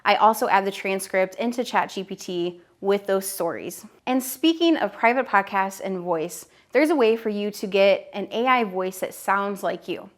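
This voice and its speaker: This is a woman in her thirties giving a direct-to-camera business lesson. She is upbeat and direct and addresses the viewer personally. Her voice sits at a middling pitch. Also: normal speed, few pauses. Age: 30s. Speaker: online business educator. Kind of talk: direct-to-camera teaching video.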